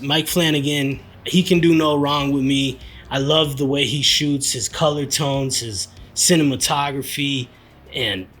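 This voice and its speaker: A man's voice: mid-range voice, a bit bright, breathy edge. A young man hosting a podcast, giving casual, slangy, candid horror movie reviews. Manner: laid-back, slangy, candid.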